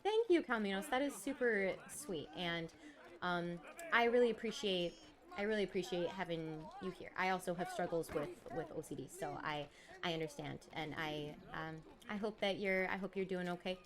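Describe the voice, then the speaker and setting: A woman's voice: fairly low pitch, normal speed, a crowd in the background. A woman co-hosting a stream, reading chat messages aloud and chatting casually. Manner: reads chat aloud, laughs often. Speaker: streamer co-host.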